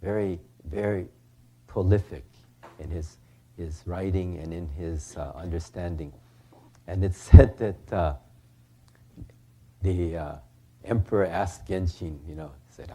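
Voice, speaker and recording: A man's voice: low voice, slow, long pauses, warm tone, breathy edge. An older man from California, a Buddhist minister giving a folksy storytelling talk, acting out the characters and often asking "huh?".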